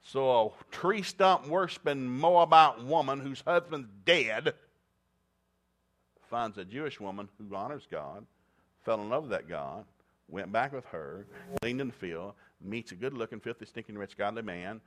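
A preacher man from East Tennessee tells a Bible story as a comic sermon. He talks in a folksy, plainspoken way, slipping jokes into the teaching at a middling pitch. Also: expressive, unhurried, fairly bright tone. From East Tennessee, USA.

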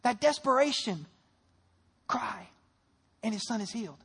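A woman preacher delivers a lively sermon with a somewhat high, husky voice. She retells the stories vividly and asks her listeners a string of rhetorical questions. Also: a little slow. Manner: animated storytelling with rhetorical questions.

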